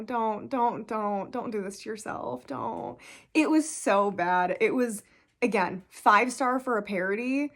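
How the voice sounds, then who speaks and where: A woman in her thirties chatting casually about books, emphatic, laughing often and full of "like". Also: mid-range voice. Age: 30s. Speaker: book reviewer. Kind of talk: casual book review vlog.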